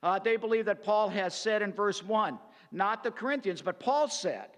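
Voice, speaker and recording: High-voiced pastor teaching in a hall. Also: male voice, lively intonation. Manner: deliberate, many "uh" fillers and restarts. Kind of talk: verse-by-verse Bible teaching. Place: church sanctuary.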